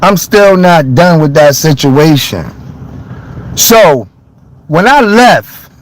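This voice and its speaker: A man ranting to his chat on a phone live stream, loud, heated and blunt, swearing freely. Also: fairly high pitch, big pitch swings, slow pace, low-quality recording. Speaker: livestreamer. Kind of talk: livestream rant to chat.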